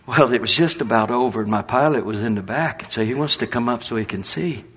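A man preaching a sermon in a folksy, storytelling way with a husky voice. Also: medium pitch, fast talker, fairly bright tone.

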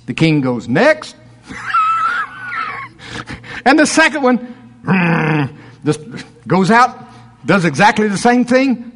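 A man's voice: sits high, very animated, unhurried, fairly bright tone, faint music behind. A man preaching a sermon, reading scripture aloud and breaking off into chuckling asides.

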